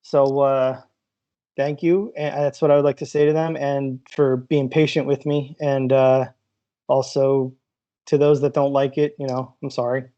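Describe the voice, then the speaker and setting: A man's voice: mid-range voice, level tone, a little slow, dark tone. Rambling man with a muffled sound. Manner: rambling, with many fillers and frequent laughs. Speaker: podcast co-host. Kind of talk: casual chat.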